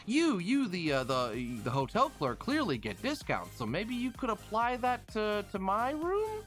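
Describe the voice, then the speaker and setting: Pushy hotel guest, wheedling, stammering, bright lively voice, a man doing it, faint music behind. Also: high-pitched, measured pace, full character voice. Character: pushy male hotel guest haggling for a discount.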